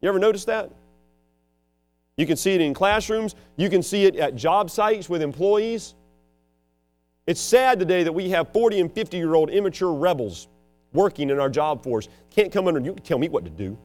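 A preacher who is also a schoolteacher gives a dramatic sermon, swinging from loud emphasis to hushed asides. His voice sits high and moves at a moderate pace over soft background music.

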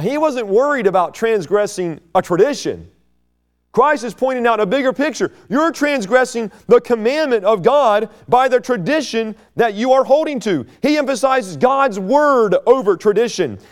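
A middle-aged man preaching a Bible-teaching sermon in a conversational way, mocking opponents in quick asides. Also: high voice.

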